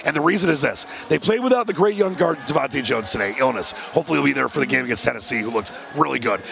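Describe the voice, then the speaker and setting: A man co-hosting a sports betting chat, talking emphatically and rapidly with frequent restarts. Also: mid-range voice, lively intonation, vocal fry, fairly bright tone. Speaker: sports radio co-host.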